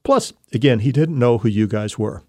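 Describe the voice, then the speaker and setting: A man's voice: medium pitch, expressive, moderate pace, mellow, no echo, studio quality. A male podcast guest and fellow investigator casually recalls events in a matter-of-fact way. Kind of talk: casual conversation.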